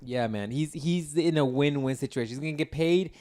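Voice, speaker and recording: A man's voice: on the high side, fairly quick. Profane, rambling podcast co-host man. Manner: rambling, profane, animated storytelling. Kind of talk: casual podcast chat.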